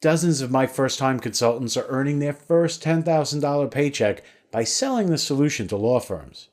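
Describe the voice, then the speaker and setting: Lively-pitched man reading a sales pitch. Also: moderate pace. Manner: upbeat promotional delivery. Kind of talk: scripted sales webinar voice-over.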